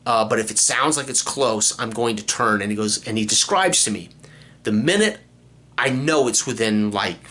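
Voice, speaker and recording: A man recapping a tabletop game session as game master, retelling what he and the player said in an animated way. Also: lowish voice, normal speed.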